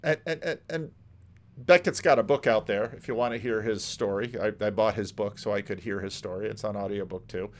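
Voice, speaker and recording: A man commenting casually on a clip, halting and repeating words as he thinks. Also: on the low side. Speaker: podcast host commenting on a clip.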